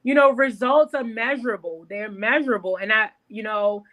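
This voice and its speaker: Salon-owner guest, woman; bright, lively storyteller. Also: fairly high pitch, normal speed. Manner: animated storyteller, calls the host girl. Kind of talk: casual interview chat.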